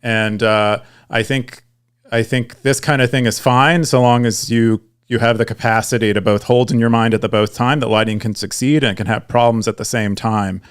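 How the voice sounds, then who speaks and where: This podcast co-host, a young man, has a clear, resonant, mid-range voice with a steady tone and moderate pace. His casual chat is rambling, packed with fillers and restarts.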